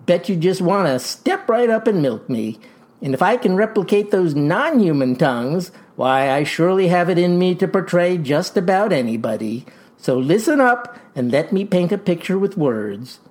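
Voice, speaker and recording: An actor playing a folksy farmer pitching a tonic in a comic ad, with verbose, showman's patter. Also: sing-song, normal speed, a little mellow. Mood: boastful pitch. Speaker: pitchman in a mock radio ad. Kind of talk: comic radio ad acting.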